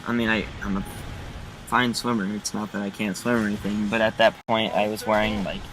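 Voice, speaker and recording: A man vlogging from inside his car, telling a story in a casual, rambling, joking way, with car noise in the background. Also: lowish voice. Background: passing car noise.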